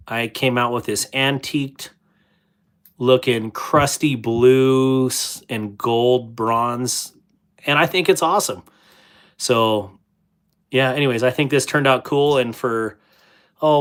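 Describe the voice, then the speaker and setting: Chatty man hosting a livestream. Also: mid-range voice. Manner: chatty, laughs often, reads chat aloud. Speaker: livestream host. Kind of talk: casual livestream chat, reading viewer comments.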